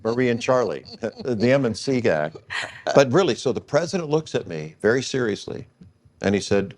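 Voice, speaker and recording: A man's voice: medium pitch, big pitch swings, moderate pace, darkish tone. A man in his sixties telling a long personal story in an interview, acting out the dialogue he quotes. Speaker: guest.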